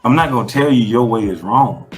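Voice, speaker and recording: A man being interviewed in a casual, conversational setting speaks bluntly and emphatically, swearing freely. His voice is medium-pitched with lively intonation and a fairly quick pace, and soft music plays in the background.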